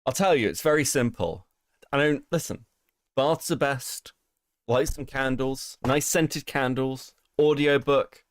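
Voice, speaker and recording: A man's voice: medium pitch, measured pace, a little hiss or hum. A British man hosting a live stream, chatting casually, laughing often and swearing through rambling asides. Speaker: stream host.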